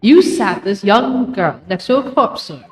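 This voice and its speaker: A woman voicing a sharp young defense lawyer who questions in a pointed, probing way. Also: medium pitch, lively intonation, a little slow, reverberant, soft background music, close to an everyday voice.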